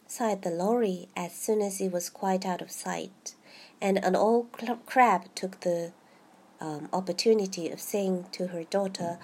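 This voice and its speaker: Woman host reading storybooks aloud, husky and animated. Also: on the low side. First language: Japanese. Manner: halting, with restarts and Japanese asides. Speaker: host, reader.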